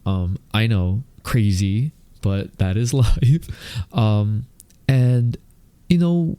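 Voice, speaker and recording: A man in his mid-thirties hosting a casual solo podcast, with a slight lisp from retainers, speaking slowly with many fillers. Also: on the low side, dark tone, smooth, no room sound. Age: mid-30s. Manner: talks slowly and deliberately, with frequent fillers. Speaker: podcast host.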